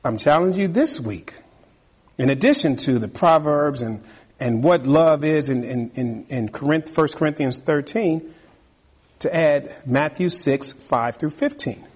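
A male preacher with a fairly high, husky voice delivers a sermon. His pitch swoops up and down as he talks in an animated, conversational way and acts out quick asides.

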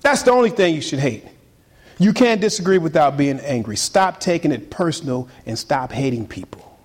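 A man preaching a sermon as pastor, animated and often repeating words as he builds his point, in a church. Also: a little high, moderate pace, breathy edge.

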